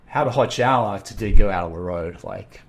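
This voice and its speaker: A middle-aged man with an Australian accent, a podcast guest telling a story in a casual, animated way, acting out the voices of the people he quotes. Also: fairly low pitch, brisk, vocal fry, a little hiss or hum. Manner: animated, acts out quoted dialogue.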